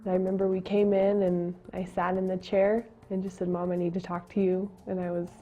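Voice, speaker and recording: A young woman giving a personal testimony, speaking in a halting, emotional way with pauses and restarts. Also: fairly low pitch, flat delivery, slight background noise. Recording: dull lo-fi sound with faint music.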